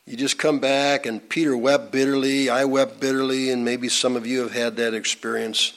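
A man's voice: little pitch movement, normal speed, fairly bright tone. Folksy man teaching the Bible. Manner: folksy and conversational, with pitch jumping up for emphasis; frequent "uh" fillers and asides.

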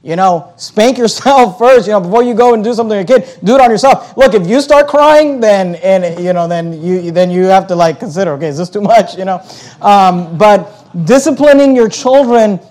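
A man with a notably high voice delivers a sermon, talking to the congregation in a loose, conversational way. He stumbles over his words and repeats himself often as he pushes his points. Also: normal speed, a little mellow. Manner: conversational preaching with frequent stammered restarts. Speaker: pastor.

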